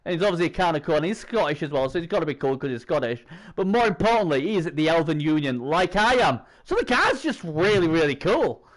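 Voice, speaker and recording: A man's voice: on the high side, sing-song, quick pace, hardly any pauses. A man, hosting a stream in rambling, chatty banter. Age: 40s. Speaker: stream host. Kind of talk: casual chat.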